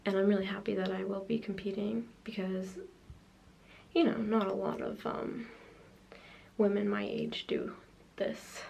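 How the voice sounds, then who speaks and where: A woman's voice: medium pitch, little pitch movement, measured pace, gravelly, pauses often, darkish tone, a little hiss or hum. A young woman in her late teens, talking through a casual video diary in a rambling way, full of "like" and "um". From Canada. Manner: rambling, filler-heavy, frequent "like" and "um". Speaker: vlogger.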